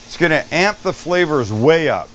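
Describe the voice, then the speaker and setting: A man's voice: on the high side, lively intonation, normal speed, fairly bright tone, muffled recording, a little hiss or hum. A man hosting a cooking show, demonstrating a recipe in an upbeat, joking way and swearing freely.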